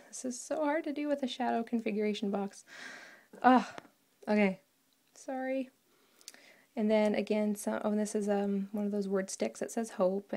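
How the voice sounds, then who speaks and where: A woman's voice: mid-range voice, gravelly, mellow. A woman casually walking through a craft project, chatty and rambling and often correcting herself.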